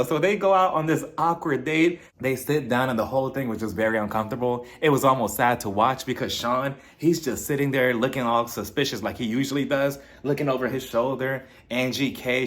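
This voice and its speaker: A man chatting through a reality-show recap in a casual, gossipy way, full of sass and asides. He laughs often and keeps the tone loose and conversational. His voice sits at an ordinary middle pitch.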